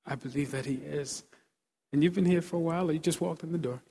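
A man preaching an altar-call sermon in a large church auditorium. He pleads and repeats short exhortations, moving from soft urging to loud fervor. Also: a little high, fast, creaky, husky.

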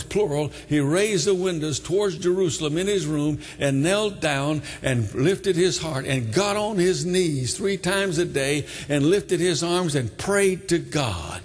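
An older man preaching a sermon, retelling a story with dramatic swings from hushed tones to shouting. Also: on the high side, breathy edge. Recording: long hall reverb.

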